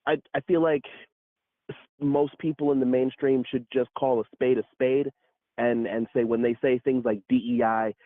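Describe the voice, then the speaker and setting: A man's voice: medium pitch, steady tone, normal speed, no echo. A man talking as a guest in a casual political chat, earnest and searching, often checking in with "right?". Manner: earnest, talks things through with many "right?". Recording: tinny phone-like line.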